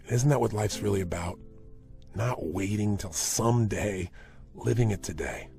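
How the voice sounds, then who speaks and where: A man giving a motivational speech, retelling a story dramatically, swinging from hushed to urgent. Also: on the low side, moderate pace, creaky, faint music behind. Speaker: motivational speaker.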